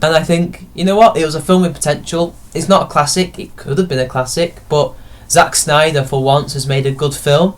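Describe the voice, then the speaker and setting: Man, young adult, casual vlogger reviewing films; opinionated, rambling delivery, voice sits a touch high. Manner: rambling, opinionated, self-correcting. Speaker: film reviewer.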